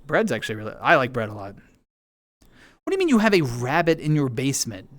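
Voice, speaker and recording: A man's voice: medium pitch, huge pitch swings, brisk, no room sound. A man streaming, chatting casually and rambling playfully to his viewers while playing a game. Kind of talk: casual chat with chat.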